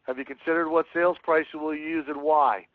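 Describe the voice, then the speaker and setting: Male webinar trainer, higher-pitched, earnest, heard through a tinny phone line. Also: steady tone, a little fast, no echo. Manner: earnest, reads sample calls aloud and coaches. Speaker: real estate sales trainer. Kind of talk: webinar teaching with script role-play.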